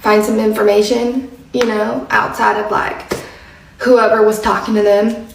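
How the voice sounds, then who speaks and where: Woman, casual storytelling, chatty, laughing a lot, gravelly voice, echoey room, a bit far from the mic. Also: medium pitch, level tone, unhurried, a little hiss or hum. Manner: chatty, laughs often, drops to a hush when quoting. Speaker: social media commentator.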